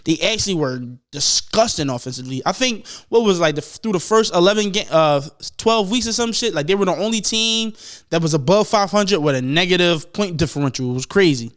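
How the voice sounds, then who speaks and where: Young male podcast host, high smooth voice, loose profane rambling sports talk. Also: expressive, fairly bright tone. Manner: profane, rambling, mimics people in quick asides. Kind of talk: casual sports rant.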